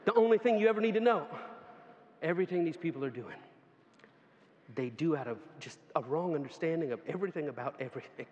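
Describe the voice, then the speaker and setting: Animated high-voiced male preacher, echoey hall. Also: fast talker, slight background noise. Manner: animated, laughing storyteller who acts out quoted voices. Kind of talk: sermon with storytelling. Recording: dull, echoey hall sound with faint ambience.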